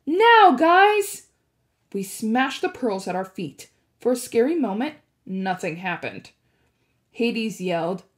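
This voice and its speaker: A woman teacher reading a chapter book aloud and discussing it, with expressive, animated storytelling. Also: mid-range voice.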